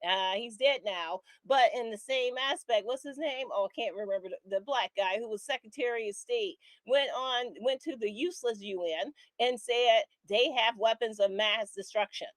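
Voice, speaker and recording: A woman's voice: on the high side, moderate pace, hardly any pauses, dry recording. An angry woman speaking as a guest on a live political commentary stream, impassioned and tagging her points with "right?".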